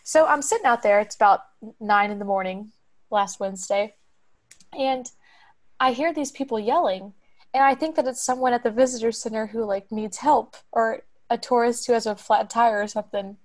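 A woman's voice: fairly high pitch, moderate pace. A young woman, telling a story on a podcast in a chatty way. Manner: chatty, acts out quoted voices. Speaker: podcast co-host.

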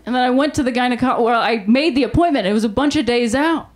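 A woman's voice: fairly high pitch, fast talker. Woman, 30s, comedy host, live stand-up, laughs as she talks, audience laughter behind. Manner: animated storytelling, laughing through her lines. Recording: loud background noise from the room.

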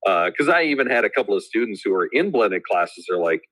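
Man from South Dakota, low bright voice, hesitant casual chat. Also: sing-song, brisk, no room sound, low-quality recording. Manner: hesitant, many fillers. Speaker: teacher.

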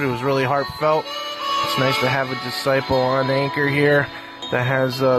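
A man giving a theatrical, mock-heartfelt address as a podcast guest. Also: medium pitch.

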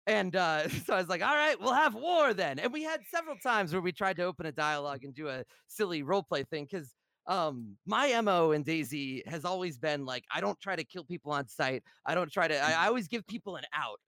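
A man giving a measured, casual account, now and then with a light laugh. His voice is high and moves a lot in pitch. The recording is dry and close. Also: animated, pushed and bright, no room sound. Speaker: online game player.

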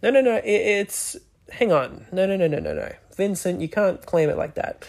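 A man's voice: high-pitched, lively intonation, normal speed, creaky, a little mellow. A man hosting a podcast, chatting casually in a rambling, hesitant way with many restarts. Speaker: podcast host. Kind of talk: casual chat.

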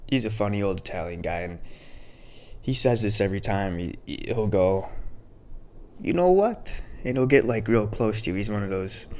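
A man's voice: lowish voice, a little fast, a little mellow. A man hosting a podcast, telling stories in a laid-back, rambling way with casual swearing. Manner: laid-back, profane, storytelling. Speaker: podcast host.

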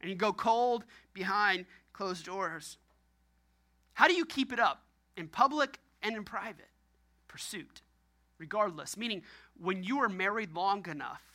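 Guy preaching a sermon, bright voice, punchy, keeps repeating himself and chuckling. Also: high-pitched. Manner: emphatic, repetitive preaching with laughs. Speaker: pastor.

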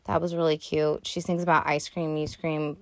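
Casual podcast girl, kinda low voice, swears a lot, rambles with likes and ums, dry mic. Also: flat delivery, normal speed, no room sound. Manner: rambling, profane, lots of "like" and "um". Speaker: podcast host. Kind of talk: casual movie recap chat.

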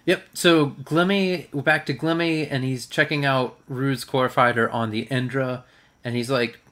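A man's voice: medium pitch, fairly even intonation, unhurried, a bit bright. Casual male podcast host, rambling recap. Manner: rambling, filler-heavy recap. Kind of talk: casual chat.

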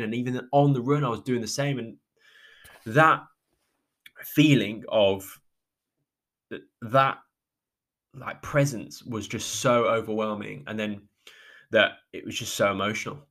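Male podcast host, low voice, halting reflective monologue that keeps breaking off, near tears. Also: fairly bright tone. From England. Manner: halting, with many restarts and trailing pauses. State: emotional, close to tears.

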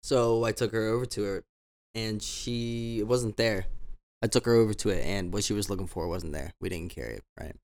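A man's voice: on the low side, a little fast, darkish tone. A man hosting his own show, telling casual stories in a loose, rambling way. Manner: rambling, many restarts and fillers. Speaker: podcast host. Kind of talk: casual storytelling monologue.

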